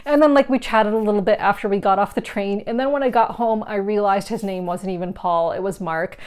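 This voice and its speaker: A young woman telling a funny story to camera, chatty and quick to laugh, with many fillers. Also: mid-range voice, darkish tone, smooth. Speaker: board game vlogger.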